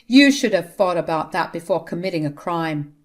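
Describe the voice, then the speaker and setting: A woman's voice: lowish voice, expressive, moderate pace, lightly acted. Woman doing an angry grown son. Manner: angry, scolding. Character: exasperated grown son, young man.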